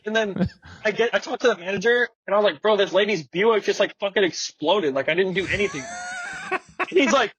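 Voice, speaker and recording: A man's voice: sits high, fairly quick, a little hiss or hum, rough recording. A young man, a skateboarder guest on a podcast, telling a story casually with lots of slang and swearing, acting out what people said. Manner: slangy, animated, swears a lot, acts out quotes.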